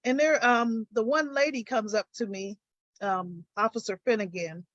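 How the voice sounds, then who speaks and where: An older woman with a fairly high voice recounts her story on a live stream, turning animated when she retells arguments. The sound is dry and dull, like lo-fi stream audio. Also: moderate pace, no echo. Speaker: guest.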